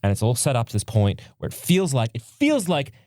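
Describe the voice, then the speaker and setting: A man on a podcast, animatedly recapping a film, acting out characters in quick voices and swearing casually. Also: mid-range voice, huge pitch swings, darkish tone, no room sound, studio quality. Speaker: podcast co-host.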